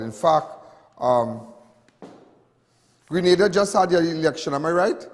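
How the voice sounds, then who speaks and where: A Trinidadian man hosts a live TV talk show, chatting along loosely and repeating himself as he goes. His voice sits fairly high for a man, with a long reverb trailing behind it in the studio. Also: animated, unhurried, long pauses. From Trinidad and Tobago. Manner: chatty, repetitive, with many restarts and asides. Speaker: host.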